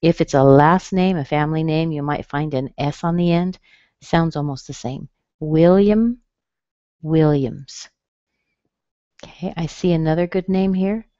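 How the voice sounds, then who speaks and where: A low-pitched woman who talks slowly as she teaches pronunciation online. She says each word again and again in a patient way. The webinar audio is dull and muffled, with a dry, close sound. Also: warm tone, no echo. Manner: slow, patient, repeats words for drill. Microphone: computer mic.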